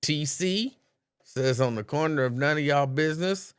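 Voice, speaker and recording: A man's voice: fairly high pitch, normal speed, clear, resonant tone. A man hosting a live call-in stream, chatting casually, reading out viewers' names and laughing easily.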